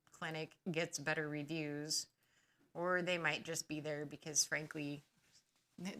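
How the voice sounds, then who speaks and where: A deep, bright, forceful female voice with vocal fry. She hosts a podcast about living with chronic pain, speaking casually and bluntly from experience, and her advice builds into emphatic scolding.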